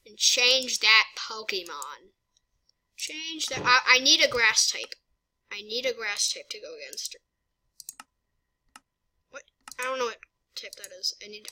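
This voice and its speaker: High, bright-voiced excitable woman gamer. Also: a little hiss or hum, low-quality recording. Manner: excitable and chatty, talking to herself. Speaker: gaming channel host. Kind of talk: let's play commentary.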